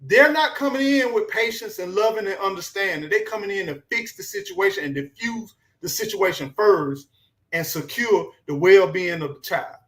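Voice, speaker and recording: A man's voice: high voice, moderate pace, a bit bright. A man. He tells a story in a casual, earnest way and preaches a little as he goes.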